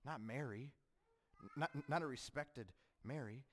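A man's voice: mid-range voice, unhurried, fairly bright tone. A man preaching a sermon, asking rhetorical questions and acting out the voices of critics. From United States. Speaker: pastor.

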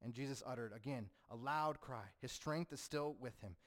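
Man, pastor, sermon, fervent rises, hushed solemn drops. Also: mid-range voice, moderate pace.

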